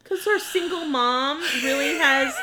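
Young woman, podcast co-host, higher voice, blunt, sweary, emphatic. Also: a little slow, sharp tone, a little hiss or hum. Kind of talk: casual chat about books.

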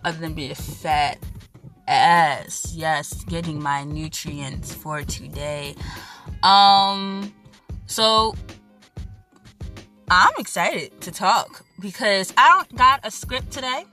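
A young woman hosting a casual podcast rant from home, loud, hyper and playful, swearing and rambling as she goes. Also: lowish voice, slow pace, soft background music. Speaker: podcast host.

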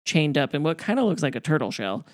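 A woman's voice: low voice, sing-song, quick pace, dry recording. A woman casually discussing a movie, adding dry, understated remarks. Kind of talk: casual movie recap chat.

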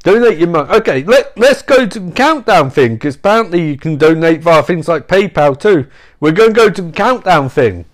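A young man streaming, improvising a silly story in a rambling, animated way. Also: a little high, fairly quick.

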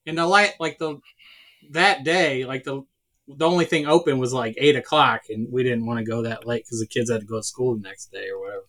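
Laid-back bright-voiced man chatting. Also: medium pitch, brisk. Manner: laid-back, laughing, rambling. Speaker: podcast co-host. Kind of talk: casual movie chat.

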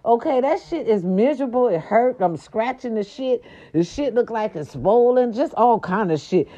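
A woman's voice: fairly high pitch, lively intonation, normal speed, dark tone, dull audio. A woman over forty-five giving a sassy, profane morning recap, growling and bleeping herself in fun. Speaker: vlogger. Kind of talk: casual morning recap monologue.

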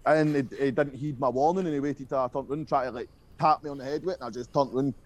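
Speaking quickly in a steady, mid-range voice, a young Scottish guest musician rambles through tales from school during a casual interview. He swears often and leans on fillers, and there's slight background noise.

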